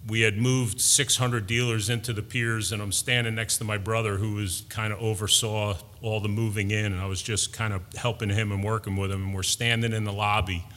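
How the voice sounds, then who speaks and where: Middle-aged male preacher, bright forceful tone, deliberate sermon delivery, reverberant hall. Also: fairly low pitch, flat delivery. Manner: slow, deliberate preaching with emphatic builds.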